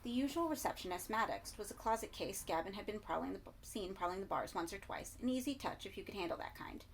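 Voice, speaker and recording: A woman narrating a horror story in a measured reading voice, sometimes dropping to soft asides. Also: medium pitch, animated, a little hiss or hum. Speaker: audiobook reader.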